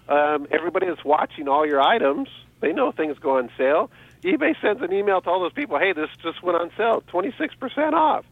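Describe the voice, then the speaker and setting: A man talks through selling tips in an upbeat, chatty way, with a lively voice that swings up and down and sits a little high. His call comes through a dry, tinny phone line. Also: dry recording. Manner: upbeat, animated, laughs often. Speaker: eBay seller guest on radio show. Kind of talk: casual radio chat giving tips.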